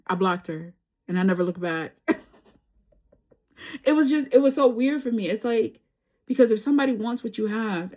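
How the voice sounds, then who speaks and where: A woman's voice: mid-range voice, darkish tone. A woman doing a tarot reading, telling a personal story in casual, slangy speech and laughing often. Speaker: tarot reader.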